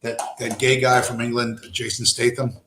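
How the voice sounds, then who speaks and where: A man's voice: mid-range voice, little pitch movement, normal speed, sharp tone, a little hiss or hum. A man streaming, telling a rambling story with heavy swearing and constant asides. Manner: profane, digressive, lots of fillers. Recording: roomy echo.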